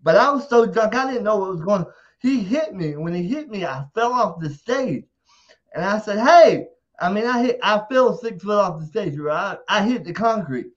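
A man telling a rowdy story in casual talk, animated and profane, acting out quotes loudly. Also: high voice, moderate pace, highs cut off. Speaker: interview guest.

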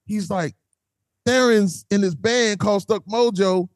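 Male host, high pitch, dry mic, animated storyteller who acts out every quote. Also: unhurried, dry recording. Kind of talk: casual storytelling chat.

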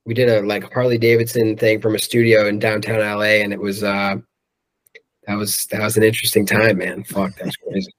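A man's voice: on the low side, little pitch movement, brisk. A man who sings in a rock band, chatting loosely in an interview, swearing freely and filling his talk with "um" and "like". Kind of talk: casual interview chat.

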